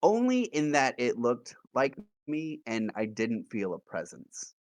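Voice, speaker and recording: A man playing a tabletop role-playing game, animated and jokey, often laughing. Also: mid-range voice, a little slow, no echo. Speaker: player. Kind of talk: casual tabletop play.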